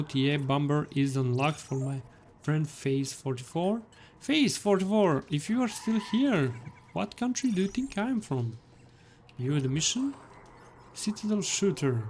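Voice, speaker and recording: A gaming streamer with a fairly high-pitched male voice plays live and jokes around with his viewers in a playful, teasing, animated way. His non-native English accent is often taken for Slavic. There is slight background noise.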